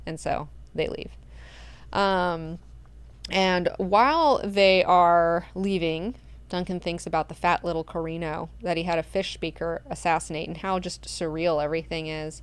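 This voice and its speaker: Smooth-voiced woman chatting, casual and profane. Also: fairly low pitch, steady tone, measured pace, dry recording. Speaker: book club host. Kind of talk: casual book recap.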